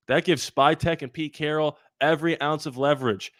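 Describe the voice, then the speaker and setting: A man hosting a live sports talk stream, animated and rambling with quick asides. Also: fairly high pitch, no echo, studio quality. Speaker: sports channel host.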